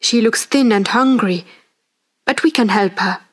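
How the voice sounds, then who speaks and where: A woman voicing a loyal, kind male servant in a storybook, calm and reassuring. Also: on the high side, measured pace.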